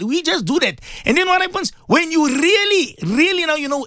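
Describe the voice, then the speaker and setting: A man hosting a live morning radio show, chatting in a warm, preachy way and often calling out to his listeners. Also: very high voice, lively intonation, brisk, hardly any pauses, no echo, studio quality. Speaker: radio host. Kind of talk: casual live radio talk.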